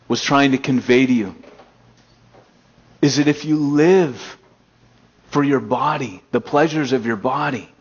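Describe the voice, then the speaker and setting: A young American man preaching a casual storytelling sermon, animated, with loud excited bursts and quiet stretches. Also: mid-range voice. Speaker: pastor. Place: elementary school meeting room. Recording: dull lo-fi sermon recording.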